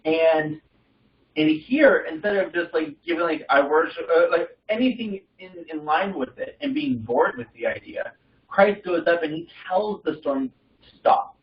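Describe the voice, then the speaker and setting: A young man leading an informal Bible study, reading passages and commenting in a halting, rambling way with many fillers and restarts. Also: on the high side. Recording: distant mic in a roomy space, dull sound.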